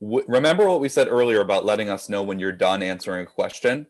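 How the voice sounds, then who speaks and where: A man hosting a casual online trivia game over a video call, upbeat and quick, laughing easily and reading questions out slowly and deliberately. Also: fairly low pitch.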